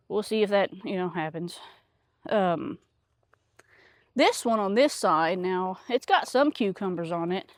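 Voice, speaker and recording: A woman's voice: medium pitch, dry recording. Chatty woman vlogging in a garden. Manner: rambling, many fillers. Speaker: homesteader vlogger. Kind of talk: casual chat. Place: outdoors in a garden.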